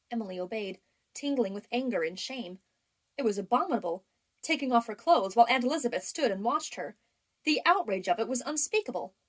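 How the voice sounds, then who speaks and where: In a measured, even storytelling style, a woman reads a classic novel aloud as an audiobook narrator. Her voice sits at a medium pitch.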